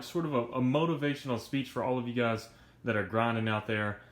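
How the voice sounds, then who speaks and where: Energetic young man in an echoey room. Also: medium pitch, fairly quick. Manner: energetic, slangy, earnest. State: out of breath. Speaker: YouTuber. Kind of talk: casual vlog talk to viewers.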